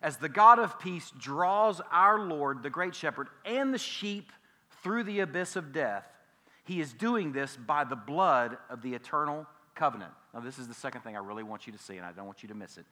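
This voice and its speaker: A man preaches from the pulpit with a bright, sharp tone that carries well. He is emphatic, swinging from loud declarations to hushed asides and repeating key phrases. A long church reverb trails each line. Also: a little high, lively intonation, normal speed. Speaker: pastor. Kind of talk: sermon. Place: church sanctuary.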